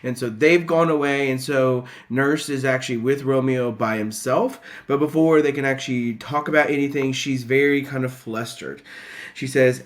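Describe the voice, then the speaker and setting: Male teacher, recorded lesson, relaxed chatty delivery with frequent ums. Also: mid-range voice, normal speed. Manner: casual, many fillers, reads quotes aloud.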